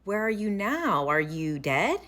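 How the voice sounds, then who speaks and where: A woman's voice: mid-range voice, very animated, unhurried, a bit bright. A woman voicing a curious woman hypnotherapist who coaxes and questions with disbelief. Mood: coaxing. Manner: coaxing, incredulous.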